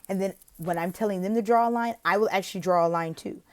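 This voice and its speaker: An online English teacher giving interview tips explains how to teach an online lesson, walking through slides quickly with few pauses. She's animated and expressive, slipping into whispers and a high sing-song teacher voice during acted classroom demos within her instructional talk.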